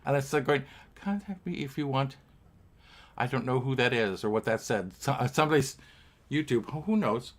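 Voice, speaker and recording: A man's voice: medium pitch, fairly quick. A man hosting a home livestream piano bar, singing show tunes and chatting playfully with viewers as he reads their comments aloud. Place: home apartment.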